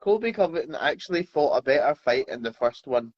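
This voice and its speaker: A man's voice: mid-range voice, big pitch swings, brisk, highs cut off. A Scottish man co-hosting a podcast, telling things in a laid-back casual chat. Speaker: podcast co-host.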